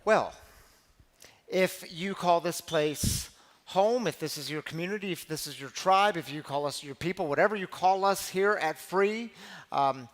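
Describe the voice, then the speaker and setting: A man's voice: high voice, unhurried. Encouraging man leading a recovery meeting. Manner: encouraging, conversational. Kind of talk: casual spoken ministry talk.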